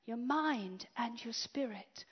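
A woman preaching a sermon, swinging from loud declarations to hushed whispers. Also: a little high, animated, slow, breathy edge. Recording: dull lo-fi sound.

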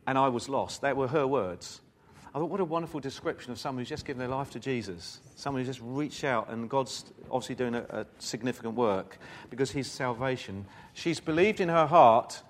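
A man giving a sermon, reading scripture aloud and breaking it up with informal, chatty asides to his congregation. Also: medium pitch. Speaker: preacher.

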